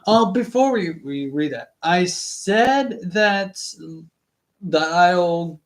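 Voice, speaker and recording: Speaking very slowly in a high, expressive voice, the young host of a book reading channel chats loosely on a livestream. He wanders off topic and stumbles, with frequent fillers and false starts.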